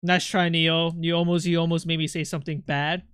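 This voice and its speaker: A man's voice: fairly high pitch, level tone, brisk, fairly bright tone, smooth, no room sound. A male streamer who is not a native English speaker, chatting playfully with viewers, teasing and swearing freely into a close mic. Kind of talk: casual live-stream chat.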